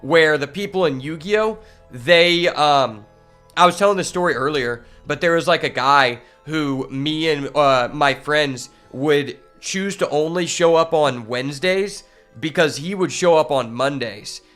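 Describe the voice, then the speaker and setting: A man telling a long rambling story while playing a card game, swearing freely and filling pauses with fillers. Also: on the high side, a bit bright, faint music behind. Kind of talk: casual storytelling while gaming.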